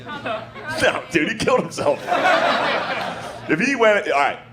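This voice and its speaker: Stand-up comic, man, slow lively delivery, high voice, loud noise behind, crude. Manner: crude, laughing at his own jokes. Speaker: stand-up comedian. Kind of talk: stand-up set.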